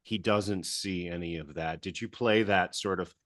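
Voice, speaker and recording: A man with a very low voice, from the American South, conducts an interview in a dry, close-sounding recording. He is curious and chatty, laughing easily and reshaping his questions as he goes. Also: normal speed, fairly bright tone, no echo. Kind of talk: casual interview chat.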